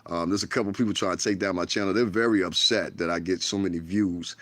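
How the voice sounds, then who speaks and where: A man's voice: low-pitched, fairly even intonation, fast talker, fairly bright tone. A man from the United States hosting a casual livestream from his bedroom, rambling frankly and profanely into a tablet. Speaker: livestream host.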